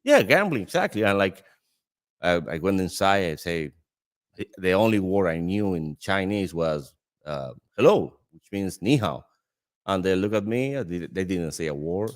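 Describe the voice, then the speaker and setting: A man from the Dominican Republic with a Dominican Spanish accent, a native Spanish speaker in the cigar trade. He tells an anecdote in casual conversation in a lively way, laughing often and restarting his sentences. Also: low voice, moderate pace. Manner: animated storyteller with frequent laughter and restarts. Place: cigar lounge.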